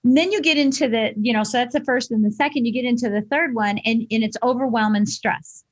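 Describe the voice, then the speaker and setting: A woman's voice: on the high side, brisk. A woman guest on a podcast, a coach explaining her ideas and acting out scenarios with quoted self-talk. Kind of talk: casual interview chat.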